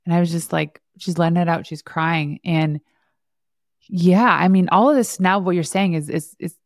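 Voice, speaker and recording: A woman's voice: on the low side, moderate pace, dry recording, clean studio sound. A woman podcast host telling stories in a chatty way and laughing often. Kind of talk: casual conversation.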